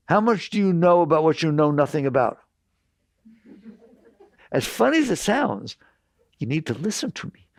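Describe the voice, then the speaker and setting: Older man, gravelly, spiritual talk, direct, insistent, dry close mic. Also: a little high, dry recording. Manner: direct, insistent, repeats points. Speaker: spiritual teacher. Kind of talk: talk to an audience.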